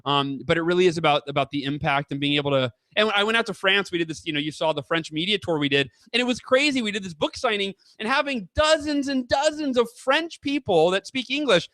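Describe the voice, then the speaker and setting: A man in his thirties, a guest author chatting casually in an interview, telling stories with lively quoted voices. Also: high-pitched, quick pace, hardly any pauses, no room sound. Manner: animated storyteller, acts out quoted voices.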